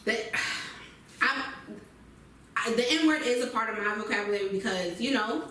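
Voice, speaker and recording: A woman's voice: a little high, a little slow, recorded from a distance. Easygoing woman in an echoey room. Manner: relaxed, laughing, backs up her co-host. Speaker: podcast co-host. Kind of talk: casual chat.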